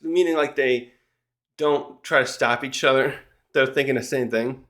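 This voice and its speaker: A man's voice: mid-range voice, normal speed, a bit bright. A man casually recapping a manga chapter in a rambling, chatty way, with frequent restarts and small laughs.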